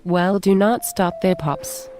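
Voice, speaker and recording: A woman playing a chatty, curious teenage granddaughter who questions her grandfather and is quick to complain, in an amateur scripted skit. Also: on the low side, music in the background.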